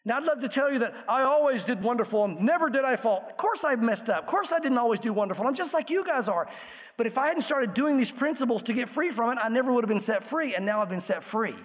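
A man preaching a sermon, telling an illustration story earnestly and slowing down for the emotional parts. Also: very high voice, lively intonation. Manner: earnest storytelling, slows and softens for emotional quotes. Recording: long reverb of a large room.

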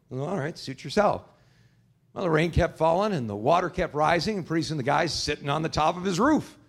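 A male pastor preaching a sermon, telling stories with acted-out characters, then praying slowly and earnestly. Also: on the high side, gravelly. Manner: animated storyteller, acts out characters in jokes; soft, slow earnest prayer. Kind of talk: sermon with storytelling and prayer.

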